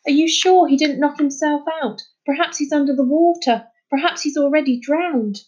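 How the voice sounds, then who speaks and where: A woman's voice: high-pitched, normal speed, a little mellow, muffled recording, pitched above the performer's own voice, close to an everyday voice. A woman voicing a gloomy girl who always expects disaster and says it anxiously. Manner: anxious, doom-laden.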